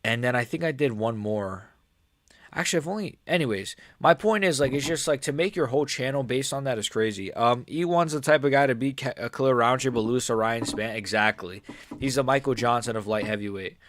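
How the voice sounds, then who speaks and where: A man chats through a live stream, rambling, excitable and often restarting his sentences mid-thought. His voice sits at an ordinary middle pitch. The sound is dry and close, with no room echo. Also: a little fast. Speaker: MMA YouTuber and live streamer. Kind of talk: casual live-stream commentary.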